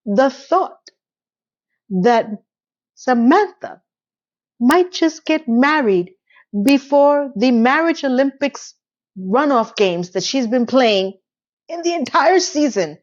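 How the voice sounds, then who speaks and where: A woman giving a casual, animated recap of a TV episode, telling the story with voiced quotes. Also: sits high, slow, long pauses, highs cut off. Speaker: TV recap vlogger.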